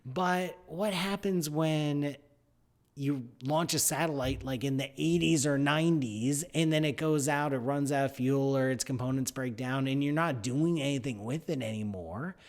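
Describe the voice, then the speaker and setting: A man hosting a live science radio show from a studio, playful and animated with jokey asides. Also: mid-range voice, moderate pace.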